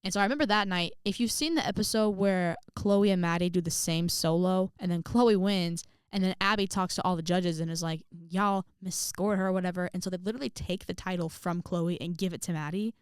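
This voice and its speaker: A woman's voice: on the low side, fairly quick, hardly any pauses, smooth, no room sound, studio quality. A young woman from Indiana telling a story in a casual, chatty vlog, full of fillers and acted-out quotes. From Indiana, USA. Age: young adult. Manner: chatty, animated, many fillers, acts out quotes. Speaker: vlogger.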